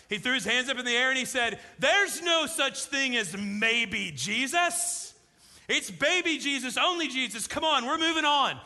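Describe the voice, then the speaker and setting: Pastor preaching, bright high voice, echoing church hall, emphatic. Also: male voice. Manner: emphatic, rhetorical questions. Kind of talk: sermon.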